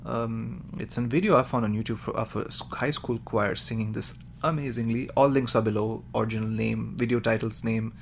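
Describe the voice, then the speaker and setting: A man's voice: mid-range voice, fairly even intonation, fairly quick, gravelly, hardly any pauses, slight background noise. A man hosting his podcast alone, talking in a rambling, chatty way and joking about himself. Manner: rambling, chatty, self-mocking. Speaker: podcast host. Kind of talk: casual podcast monologue.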